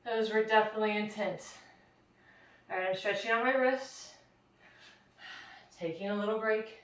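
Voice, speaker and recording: A woman's voice: medium pitch, moderate pace. A woman fitness instructor, out of breath, coaching a home workout, counting reps aloud and encouraging the listener. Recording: very echoey room, mic far off.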